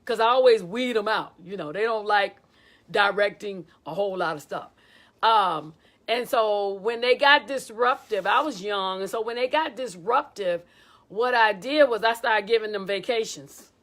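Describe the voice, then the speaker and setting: A woman choir director giving a casual, animated teaching talk and acting out quotes as she tells stories. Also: mid-range voice, moderate pace. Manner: animated storytelling with acted quotes.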